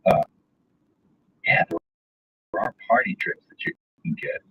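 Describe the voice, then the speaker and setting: A man telling stories in casual conversation, animated, acting out the people he quotes. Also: takes it slowly, no echo. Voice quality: husky. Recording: dull lo-fi sound.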